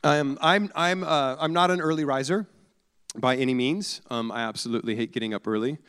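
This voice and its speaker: A man's voice: mid-range voice, brisk, fairly bright tone, smooth. A man in his forties preaching a conversational sermon, telling personal stories in a casual, self-deprecating way with many fillers and restarts. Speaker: pastor. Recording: long hall reverb.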